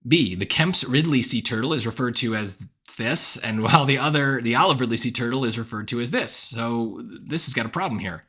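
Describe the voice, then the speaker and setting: A man tutoring for the SAT, walking through each answer choice out loud and often asking "right?" as he reasons. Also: medium pitch, expressive, fairly quick, few pauses, husky. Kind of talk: test-prep walkthrough.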